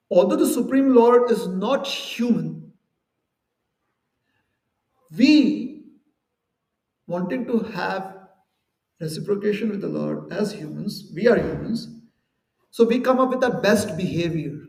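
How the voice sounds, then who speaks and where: A man delivers a conversational devotional lecture with a high, gravelly voice. He explains ideas through everyday examples and little acted-out quotes. He is heard from some distance in an echoey temple hall. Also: expressive, measured pace, long pauses, a little mellow. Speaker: temple speaker.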